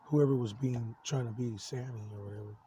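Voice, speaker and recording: A man's voice: medium pitch, steady tone, dark tone, muffled recording, slight background noise. A man in his forties talking in a rambling personal monologue, agitated and swearing constantly, stumbling over restarts. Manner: profane, agitated, halting with many restarts.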